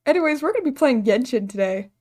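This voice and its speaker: On a casual gaming livestream, a woman with a high, darkish voice talks fast with lively intonation. She rambles as she plays and laughs frequently.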